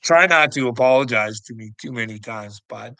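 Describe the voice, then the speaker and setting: Gravelly, mocking man with a chuckle. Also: mid-range voice, moderate pace, bright, forceful tone, no room sound, low-quality recording. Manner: mocking, chuckling often, calls the listener "bud"; profane and taunting. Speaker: vlogger answering a critic. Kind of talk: casual rambling rant.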